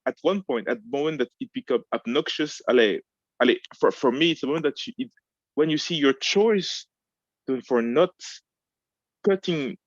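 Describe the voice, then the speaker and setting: A man co-hosting a casual discussion, talking haltingly, often restarting and searching for words. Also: mid-range voice, no echo, muffled recording.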